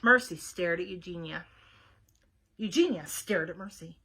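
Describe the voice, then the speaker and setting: A woman's voice: on the low side, unhurried, pushed and bright, a little hiss or hum. A woman librarian reading a storybook aloud to children, with chatty asides about the pictures, recorded on a webcam. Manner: chatty asides to young listeners, showing pictures.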